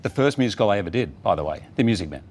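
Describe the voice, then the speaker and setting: Man, middle-aged, lowish voice, talk-show guest, lively storytelling, faint background hiss. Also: racing. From Australia. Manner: animated storyteller acting out quotes. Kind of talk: casual talk-show anecdote.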